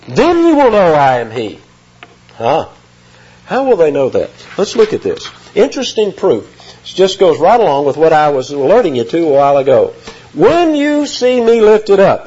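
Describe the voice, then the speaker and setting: A preacher gives a lively, emphatic expository sermon in a husky, slightly raised voice, his pitch swinging widely as he reads scripture aloud and stresses key words. The recording is dull and lo-fi.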